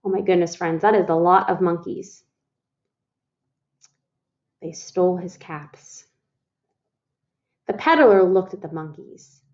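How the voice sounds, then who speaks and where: Expressive woman reading a storybook aloud. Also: on the low side, slow, long pauses, highs cut off. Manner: expressive, talks to listeners as "friends" and asks them questions. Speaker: storytime reader. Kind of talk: reading a picture book aloud to children.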